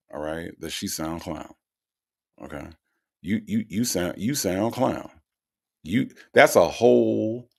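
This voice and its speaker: A man's voice: low-pitched, creaky, fairly bright tone. A man hosting a live stream, reading out chat comments and teasing in a drawling, repetitive way. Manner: drawling, repeats himself, teasing. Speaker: host.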